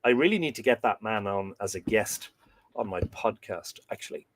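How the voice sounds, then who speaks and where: A man hosting a live podcast, reading old myths aloud and breaking off into chatty, halting asides. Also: on the low side, animated, a little hiss or hum.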